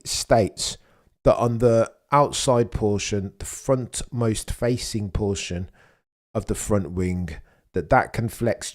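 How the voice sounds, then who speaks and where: A young man talks casually on a live stream. His voice sits a little low, and he chats freely as he reads out and answers viewers' messages. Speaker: livestream host. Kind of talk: casual live watchalong commentary.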